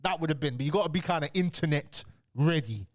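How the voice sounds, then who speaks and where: A man chatting through a reaction commentary, slangy and loose, stumbling and restarting his sentences. His voice sits a little higher than most men's. It is recorded close and dry, with no room sound. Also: lively intonation, fast, dry recording. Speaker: commentary host.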